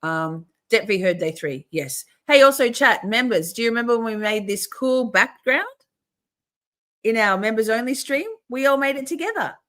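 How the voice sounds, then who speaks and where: A middle-aged woman hosting a casual livestream, chatty and swearing, often clearing her throat and restarting. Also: a little high, moderate pace, fairly bright tone. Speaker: livestream host.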